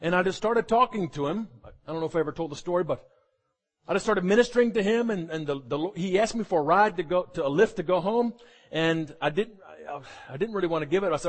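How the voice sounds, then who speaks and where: A man preaches a sermon in a fairly high voice that swings widely up and down. He is animated and jokey, with humorous asides and acted-out quotes. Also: quick pace.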